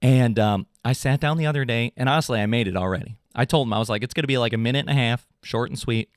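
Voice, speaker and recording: A young adult man, a podcast host, ranting in an animated, casual, swearing way. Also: fast talker, no room sound, studio quality. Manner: animated, swearing, mocking voices in high pitch. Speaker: drummer in a pop punk band. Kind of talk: casual comedic rant.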